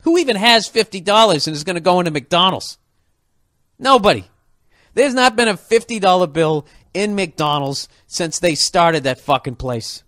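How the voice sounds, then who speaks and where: A man's voice: high voice, moderate pace, dry recording, studio quality. A man telling a story as a comic rant, swearing freely and acting out the people in it. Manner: profane, animated, mimics people in the story.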